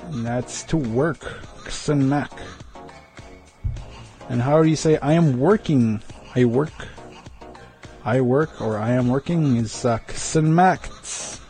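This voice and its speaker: Gravelly man teaching words slowly. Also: medium pitch, warm tone, soft background music. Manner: repeats each word slowly, jokes lightly. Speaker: language teacher. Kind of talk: casual vocabulary lesson.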